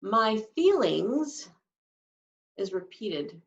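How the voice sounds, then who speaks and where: A woman teaches sign language at an unhurried pace, describing hand shapes and faces one step at a time. Her voice has a gravelly texture. The recording is dull and lo-fi, picked up from some distance. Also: medium pitch, very animated, reverberant. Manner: explains each sign step by step, drawn-out words. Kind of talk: slow, patient instruction.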